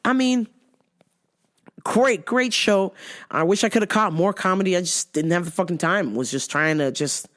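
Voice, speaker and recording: A woman hosting her own show, recapping events in a casual, profane, animated way. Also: on the low side, normal speed. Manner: animated, swears constantly, laughs often. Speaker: show host.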